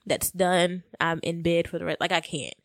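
A woman's voice: on the low side, fairly even intonation, normal speed, no room sound. A woman co-hosting a casual podcast, chatty and earnest. Her voice is recorded dry and close, with no room sound. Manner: earnest, chatty, warmly grateful. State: pregnant, tired. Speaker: podcast co-host. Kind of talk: casual chat.

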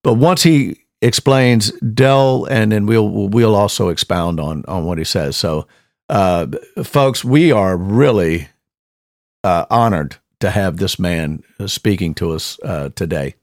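A man's voice: low-pitched, slow pace, no room sound, clean studio sound. A man hosting a show, giving emphatic casual commentary and often repeating and restarting words. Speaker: show host.

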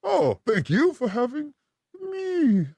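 A man's voice: wildly swooping pitch, slow, vocal fry, mellow, no echo. Theatrical man hosting with wild swings. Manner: playful, theatrical, swings between high and low voice. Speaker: show host. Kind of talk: comedic live-stream chat.

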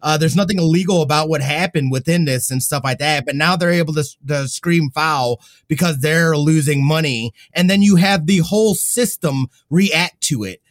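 Male co-host, casual podcast chat, blunt and opinionated, slightly higher pitch, dry sound. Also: moderate pace, few pauses, dry recording. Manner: frank, opinionated, some fillers.

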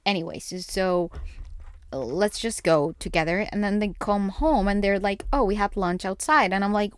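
A young woman from Colombia hosting a podcast, chatting casually and rambling as she answers quick this-or-that questions. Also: mid-range voice, fairly even intonation, clear, resonant tone, no echo, studio quality. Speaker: podcast host. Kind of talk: casual solo podcast chat.

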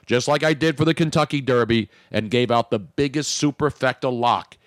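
A man's voice: mid-range voice, moderate pace, no echo, studio quality. A man hosting a talk radio show, bantering in a brash, joking way with crude asides.

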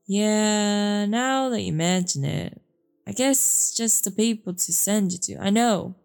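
A nervous, fast-talking carnival showman who stammers and pushes his words out loud and eager, as a woman reading aloud puts him on. The voice is gravelly and dark. Soft music plays behind. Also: medium pitch.

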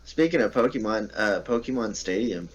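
A man's voice: fairly low pitch, lively intonation, moderate pace, dull audio, crowd noise. Laid-back man from Texas telling stories. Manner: laughing storyteller, swears freely. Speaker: podcast co-host. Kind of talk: casual chat.

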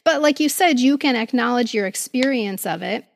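A woman with a fairly high voice recorded close and dry, co-hosting a casual podcast. She leads the conversation and encourages her co-hosts. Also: lively intonation, normal speed, vocal fry, no room sound. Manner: warm, encouraging, leads the talk. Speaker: podcast co-host. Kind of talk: casual chat.

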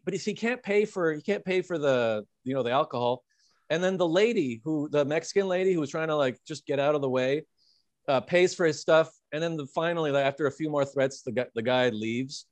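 A man's voice: fairly high pitch, no echo. A man co-hosting a podcast, telling an anecdote in casual chat, rambling with many fillers. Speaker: podcast co-host.

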